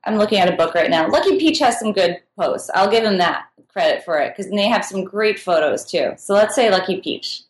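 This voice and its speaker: A woman's voice: medium pitch, animated, a little fast, few pauses. A woman answering interview questions in a casual, chatty way, laughing often as she talks. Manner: chatty and giggly, with frequent laughs. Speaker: podcast guest, food writer. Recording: echoey room.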